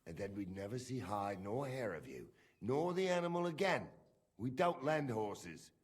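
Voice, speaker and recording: A steady middle-aged steward in a video game, speaking calmly and matter-of-factly at a medium pitch. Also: male voice, moderate pace, slightly rough. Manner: calm, matter-of-fact.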